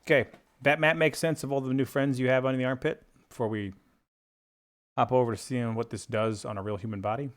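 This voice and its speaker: A man's voice: medium pitch, steady tone, fairly quick. A man teaching a drawing tutorial in a playful, chummy, jokey way. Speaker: art instructor.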